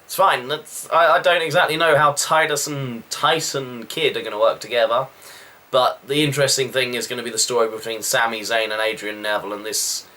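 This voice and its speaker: A man recapping a wrestling show in a casual, rambling review with quick asides. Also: mid-range voice, fairly even intonation, bright, forceful tone.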